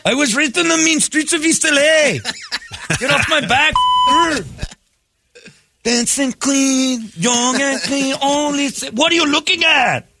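A man voicing a brash young Swedish-born man raised by a Mexican family, in a loud, high, laughing voice. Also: huge pitch swings, slow, vocal fry, long pauses, slight background noise, heavily acted. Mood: defensive.

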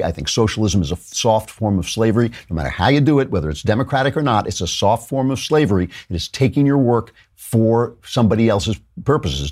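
A male talk show host giving political commentary in a conversational, animated way, often chuckling as he talks. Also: lowish voice, husky.

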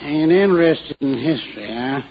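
An actor playing a jovial, rough-talking small-town judge with a folksy drawl in a 1950s radio drama. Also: male voice, on the high side, lively intonation, normal speed, a crowd in the background, lightly acted. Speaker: self-styled judge. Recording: dull lo-fi old radio recording with hiss.

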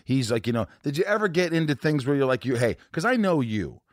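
A man's voice: medium pitch, very animated, quick pace, no echo, studio quality. A man hosting a casual chat who teases his guest and prods him for stories.

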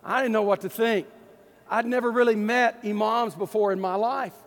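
A man from East Texas with an East Texas accent, a pastor telling a story in a folksy, animated sermon. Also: high voice, moderate pace, long reverb tail. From East Texas, USA.

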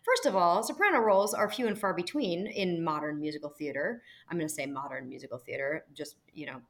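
A woman with a notably low speaking voice, a stage actress and singer chatting in an interview. She tells stories emphatically and with lively energy. Her delivery is casual and personal. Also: brisk. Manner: animated, emphatic storytelling. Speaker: musical theater actress and singer.

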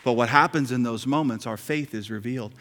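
A man's voice: mid-range voice, brisk, a bit bright. A male pastor preaching a sermon in a conversational, joking way, repeating key lines. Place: church sanctuary. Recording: hall reverb.

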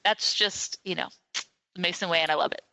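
A woman co-hosting a podcast in casual chat, animated and playfully sarcastic. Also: lowish voice, fairly quick, a little hiss or hum, poor audio. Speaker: podcast co-host.

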